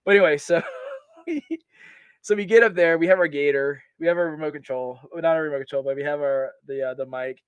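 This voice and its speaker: A man telling stories from his army service in a casual, animated way, laughing often and restarting his sentences. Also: on the high side, quick pace, clean tone, no echo. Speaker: podcast guest, army veteran. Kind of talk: casual storytelling.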